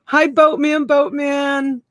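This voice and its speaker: A woman's voice: high-pitched, steady tone, slow pace, noisy background. A woman hosting a live online reselling auction, chatting casually and greeting viewers by name with endearments like honey and sweetheart. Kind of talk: casual live-stream selling banter. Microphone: USB desk mic.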